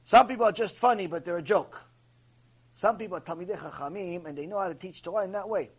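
Husky, high-voiced rabbi telling a story. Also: male voice, fast talker. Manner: animated storyteller, sprinkles in Hebrew terms. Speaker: rabbi teaching an ethics lecture. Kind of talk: storytelling Torah lecture.

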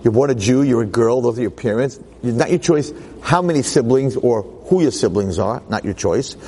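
A man's voice: mid-range voice, normal speed, husky, rough recording. A middle-aged man, a rabbi telling stories in a Torah talk to a class of girls, acting out the voices. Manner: animated, acts out voices in stories.

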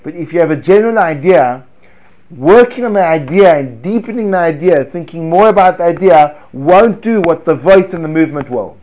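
A man leads a Torah class in a lively, animated way. His voice sits a little high for a man, and he drops from loud emphasis to near hushed tones. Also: normal speed. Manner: animated, chants prayer words with swings from loud to hushed. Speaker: Torah teacher.

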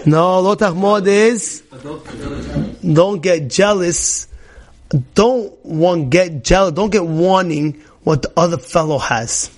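A man's voice: high-pitched, slow pace. A man giving an informal Torah class, telling stories in a chatty, repetitive way and often asking the audience questions. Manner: chatty, asks the audience questions, repeats phrases, acts out shouting characters. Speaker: rabbi teaching a class.

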